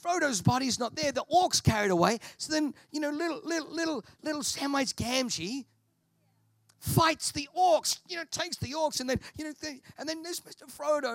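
A man from Australia preaching a sermon at a church service, in an animated storytelling style with humor. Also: very high voice, moderate pace, dry recording, studio quality.

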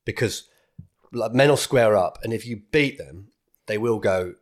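A stand-up comedian talking casually on a podcast in a low voice. He rambles, circles back on his words and acts out other people's voices in his stories. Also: unhurried.

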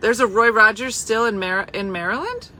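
A woman hosting a casual chat, talking animatedly and dropping into hushed asides. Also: fairly high pitch, normal speed, poor audio. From New Jersey. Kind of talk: casual chat reacting to comments.

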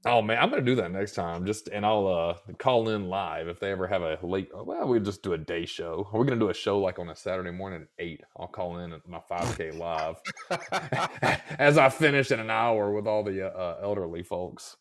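A man's voice: low voice, normal speed. A man hosting a podcast in casual chat, slightly scratchy in the throat, rambling, swearing freely and poking fun at himself. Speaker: podcast host.

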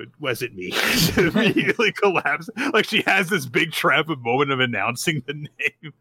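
Podcast co-host, male, chatty recapper who acts out characters' lines, bright voice. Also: a little high, expressive, moderate pace, few pauses, a little hiss or hum. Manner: restarts and fillers. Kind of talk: casual chat recapping manga chapters.

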